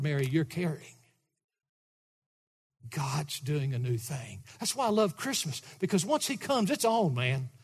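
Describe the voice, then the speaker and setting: A middle-aged man pastor preaching a sermon in a church, breaking into sudden loud, animated outbursts. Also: sits high. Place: church sanctuary. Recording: long church hall reverb.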